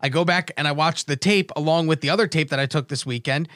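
Guy with a bright, slightly high voice, rambling through a story, dry close sound. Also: fast, no echo. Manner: rambling, animated storytelling with swearing. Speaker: podcast host and stand-up comic. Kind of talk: casual chat.

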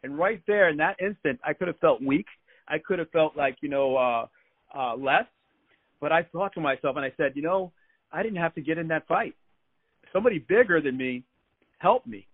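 A man tells stories as a guest on a radio talk show. He talks in a chatty way and often repeats a word before going on. His voice sits a bit high and comes through a thin, tinny phone line. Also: expressive, normal speed. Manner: chatty, repeats words while telling anecdotes.

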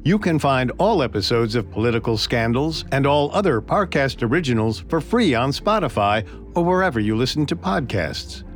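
A man's voice: mid-range voice, very animated, normal speed, faint music behind. A man co-hosting a podcast, narrating a historical story in a dramatic, scripted way. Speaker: podcast co-host.

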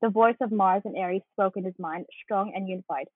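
Casting: husky-voiced woman co-host, reads aloud animatedly, phone-thin dry audio. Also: mid-range voice, fairly quick, no echo. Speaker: podcast co-host. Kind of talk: casual chat and reading aloud. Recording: tinny phone-like line.

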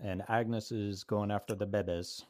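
A man's voice: fairly low pitch, fairly even intonation, unhurried, a little mellow. A man playing a tabletop horror game, casually thinking out his character's moves aloud. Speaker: player.

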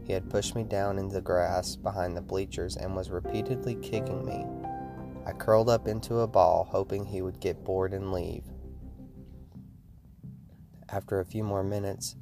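Deep-voiced man narrating a horror story. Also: normal speed, vocal fry. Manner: steady storytelling delivery. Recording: music playing behind the voice.

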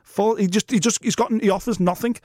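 A man co-hosting a sports podcast, animated and ranting in casual chat. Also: high-pitched, fairly quick, dry recording, clean studio sound. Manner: animated, ranting, does impressions. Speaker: podcast co-host.

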